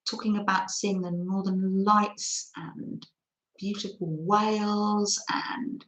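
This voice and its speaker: A woman's voice: medium pitch, little pitch movement, takes it slowly, fairly bright tone, echoey room. A woman hosting a chatty craft livestream, reading out and answering viewer comments and laughing often. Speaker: livestream host.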